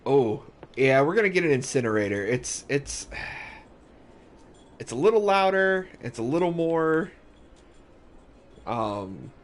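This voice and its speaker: A man's voice: medium pitch, very animated, a little slow, pauses often, slight background noise. A man giving casual let's-play commentary, rambling and thinking aloud with restarts as he plays. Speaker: gaming YouTuber.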